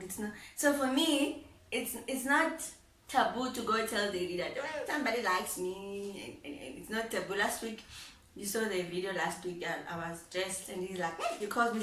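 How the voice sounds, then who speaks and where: A young woman vlogging about her life, animated and laughing as she acts out both sides of past conversations. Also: mid-range voice, distant mic. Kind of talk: personal storytelling. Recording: roomy echo, voice set back from the mic.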